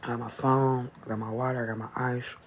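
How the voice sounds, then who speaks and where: A livestreamer chatting casually to viewers, rambling and profane, with quick self-interrupting explanations. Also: medium pitch, flat delivery, slight background noise.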